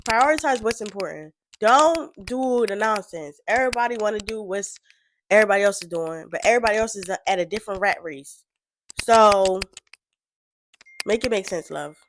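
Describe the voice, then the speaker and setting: A woman's voice: medium pitch, animated, normal speed, slight background noise. A woman giving casual reaction commentary, rambling and frank, full of fillers. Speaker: reaction vlogger.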